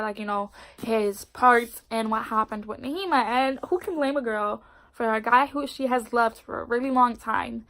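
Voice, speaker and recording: A young woman with a congested voice reviewing a book in casual, expressive chat. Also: fairly high pitch. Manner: expressive and chatty, fillers like "like". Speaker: book vlogger.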